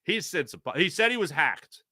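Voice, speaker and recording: Lively sports host, bright forceful voice, dry close sound, jokey chat reader. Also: male voice, on the high side, normal speed, breathy edge, no echo. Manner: animated, jokey, reads live chat aloud. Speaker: podcast host. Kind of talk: casual sports talk show with ad read.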